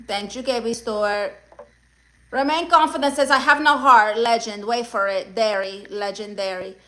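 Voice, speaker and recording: A woman's voice: on the high side, normal speed, bright, forceful tone. A woman with Spanish-accented English reading out a livestream chat, sassy and mock-demanding as she greets viewers by name. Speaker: livestream comedian.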